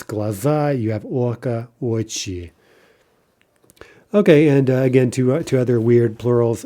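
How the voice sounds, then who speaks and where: A middle-aged male teacher walks through a recorded grammar lesson, his voice mellow and warm. He explains patiently and slows down to pronounce each example word. He keeps checking in with a quick "right?". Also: medium pitch. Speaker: language teacher.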